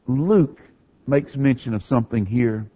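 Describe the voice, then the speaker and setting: A male pastor preaching a sermon, telling the story with animated swings from hushed to raised delivery. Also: medium pitch, a little slow, husky, muffled recording.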